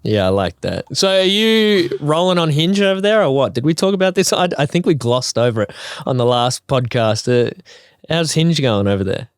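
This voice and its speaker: A man's voice: a little high, very animated, moderate pace, clear, resonant tone, no echo, clean studio sound. A young man with an Australian accent, co-hosting a podcast in casual chat, joking and laughing often. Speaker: podcast co-host.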